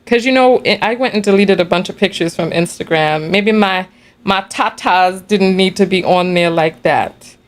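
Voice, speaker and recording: A woman hosting a casual livestream, telling a story in an animated, chatty way and laughing between remarks. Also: medium pitch, moderate pace. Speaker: livestream host.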